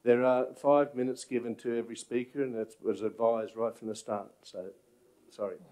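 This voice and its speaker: Mellow-voiced meeting chair, firm, recorded from a distance. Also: male voice, medium pitch, flat delivery, moderate pace. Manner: apologetic but firm, repeats himself. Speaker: council chair. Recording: distant from the mic.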